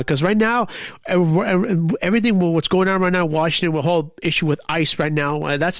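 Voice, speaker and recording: A man's voice: on the high side, no room sound, clean studio sound. A man hosting his own talk show, ranting angrily about politics with lots of swearing and restarts. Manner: profane, heated, rambling with restarts. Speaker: podcast host. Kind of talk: angry political rant.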